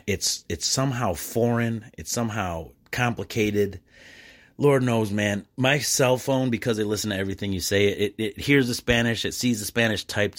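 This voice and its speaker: A man hosting a podcast in a casual, rambling monologue, restarting often and calling listeners "man" and "bro.". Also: on the low side. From Michigan, United States. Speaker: podcast host; small business owner and dad.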